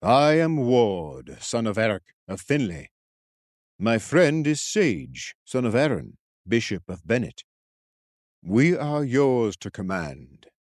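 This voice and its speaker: A man reading as an ancient male warrior risen to serve, bold and loyal, his words slow, formal and old-fashioned. The voice sits a little higher than the reader's own, with a slightly altered tone, recorded dry and close. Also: big pitch swings, no room sound. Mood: solemn. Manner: formal, archaic, measured speech. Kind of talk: audiobook character voice.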